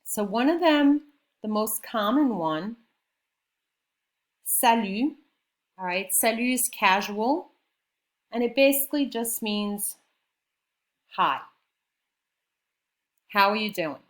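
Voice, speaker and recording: A woman's voice: medium pitch, expressive, takes it slowly, pauses often. A woman teaching a beginner French class, explaining patiently and checking in often with her students. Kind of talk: classroom lesson.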